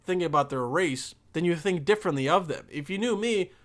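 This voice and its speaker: A man's voice: fairly high pitch, lively intonation, brisk, fairly bright tone. A young man hosting a podcast, talking in a loose, rambling and profane monologue. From Bosnia. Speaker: podcast host.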